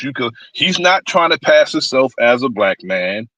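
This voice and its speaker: A man talks politics on a stream in a blunt, rambling way and swears without pause. His voice is bright and forceful. The sound is dry and close. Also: medium pitch, big pitch swings, no room sound, muffled recording. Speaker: stream panelist. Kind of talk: casual political rant.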